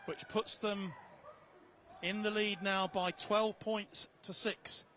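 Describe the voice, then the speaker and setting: A man doing live play-by-play commentary, measured as he reads out viewer messages and rising on big plays. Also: high voice, flat delivery, bright, forceful tone, slight background noise. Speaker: lead commentator.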